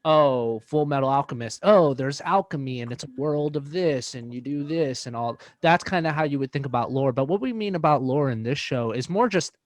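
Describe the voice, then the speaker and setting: A man's voice: medium pitch, animated, moderate pace, few pauses. A young man co-hosting a podcast in casual chat, easygoing, summing up points and steering the talk. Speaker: podcast co-host.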